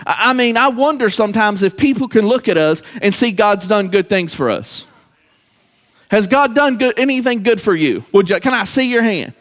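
Male pastor with a high voice, halting sermon style, reverberant sanctuary. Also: lively intonation, a bit bright. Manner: halting, repeats words, calls out to congregation. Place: church sanctuary. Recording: church hall with long reverb.

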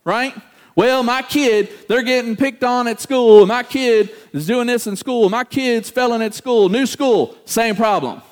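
Animated high-voiced preacher. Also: male voice, measured pace. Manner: animated, acts out quoted voices, talks to congregation. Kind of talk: sermon.

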